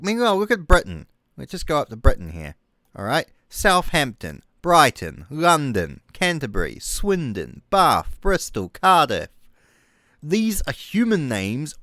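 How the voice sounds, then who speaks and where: A man rants in mock outrage, swearing freely. His voice is smooth and clear, recorded close and dry, and he talks slowly with lively swings in pitch. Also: dry recording. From New Zealand. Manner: mocking, exasperated, swears a lot. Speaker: comedic youtuber. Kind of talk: comedic rant over a map.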